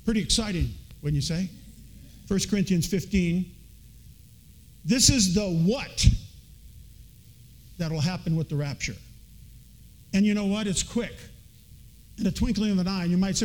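A high-voiced man preaches from the pulpit. He reads scripture earnestly and slips into homespun, folksy stories to make his point. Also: lively intonation, moderate pace, long pauses, a little mellow, rough recording. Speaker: pastor. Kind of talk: sermon.

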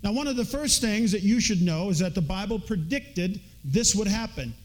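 High-voiced preaching man. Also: expressive, moderate pace, rough recording. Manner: earnest preaching with folksy storytelling. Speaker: pastor. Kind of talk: sermon.

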